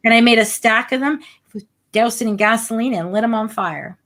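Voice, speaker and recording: Chatty woman with a slightly high voice. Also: normal speed, a bit bright. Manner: chatty, many "like" fillers, blunt opinions. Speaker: spiritual live-stream co-host. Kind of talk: casual spiritual chat.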